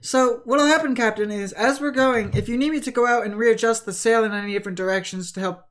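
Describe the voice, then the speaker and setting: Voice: mid-range voice, fast talker, pitched above the performer's own voice, lightly acted. A game master voicing a hesitant, fussy male ship's crewman who stammers through his lines. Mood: eager. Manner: stammering, full of ums.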